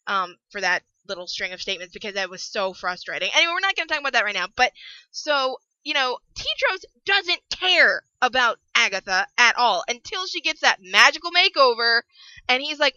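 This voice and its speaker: A young woman with a high, very bright voice rants through a book review, swinging from mutters to outright yelling. The sound is dry and close, with a slightly dull, lo-fi edge from a home setup. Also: a little fast, no room sound. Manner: animated, ranting, bursts into yelling.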